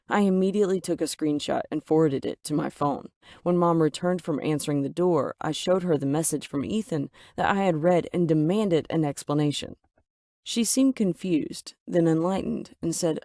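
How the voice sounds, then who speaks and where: A woman reading a scripted first-person story as narrator, expressive and getting louder on angry lines. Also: sits low, normal speed, no room sound, clean studio sound.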